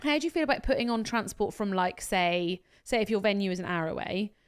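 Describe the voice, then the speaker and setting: A woman co-hosting a podcast in a casual chat, blunt and animated, telling stories full of quoted dialogue. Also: mid-range voice, brisk, clean tone. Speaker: podcast co-host.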